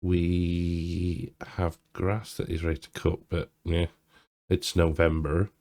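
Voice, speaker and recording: A man's voice: deep voice, level tone, slow pace, darkish tone. A middle-aged man rambling through casual gameplay commentary, with lots of ums and restarts. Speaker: gaming YouTuber.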